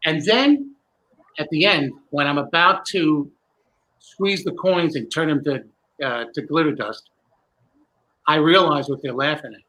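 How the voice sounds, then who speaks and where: Bright-voiced rambling magician storyteller. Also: male voice, a little high, a little slow, long pauses, rough recording. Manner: animated, rambling storyteller with many restarts. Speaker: magician guest. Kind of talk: candid storytelling interview.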